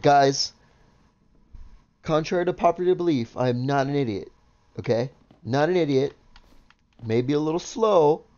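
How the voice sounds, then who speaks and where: A man narrates his own gameplay in loose, excitable commentary, cursing freely and calling out to his viewers. His voice sits at an ordinary middle pitch. The recording sounds a little dull and lo-fi. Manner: excitable, swears often, talks to viewers. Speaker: gaming video host. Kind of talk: casual let's-play commentary.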